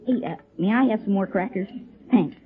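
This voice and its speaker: A woman's voice: mid-range voice, fairly quick, natural voice. A woman voicing an eager young circus boy with a big appetite, full of boyish slang. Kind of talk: 1940s radio acting. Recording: narrow phone-like old radio sound.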